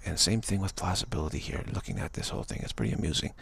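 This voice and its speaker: A man giving a rambling, gentle spiritual talk, full of repeated phrases and "you know.". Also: a bass voice, sing-song, racing, creaky, slight background noise. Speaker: spiritual speaker.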